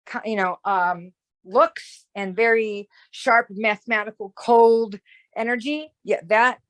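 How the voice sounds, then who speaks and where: With a fairly high, steady voice, the astrologer guest talks slowly. She wanders through long explanations in casual conversation, making restarts and checking in with "right?" again and again.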